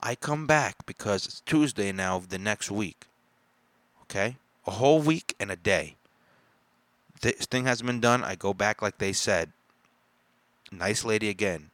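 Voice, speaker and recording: A man telling a story in an angry, profane rant, getting loud and exasperated as he complains. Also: lowish voice, unhurried, long pauses, no echo.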